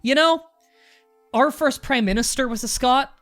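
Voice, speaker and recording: A woman's voice: high-pitched, moderate pace, fairly bright tone, soft background music. A Canadian woman commenting on a game she plays, ranting in mock outrage and swearing a lot. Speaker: let's play host. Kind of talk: casual gameplay commentary.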